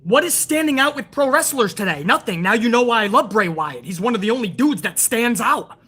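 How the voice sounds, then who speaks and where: Woman, show host, heated profane rant, husky, higher pitched. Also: expressive, fairly quick, a bit bright. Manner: profane, ranting, incredulous; reads out and answers chat viewers. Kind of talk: heated wrestling show rant to a live chat.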